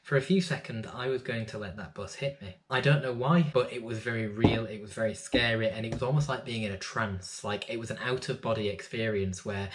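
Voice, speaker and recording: A man's voice: mid-range voice, fairly quick, few pauses, a little hiss or hum. A young man, a poet talking earnestly and candidly about his own work in a reflective vlog.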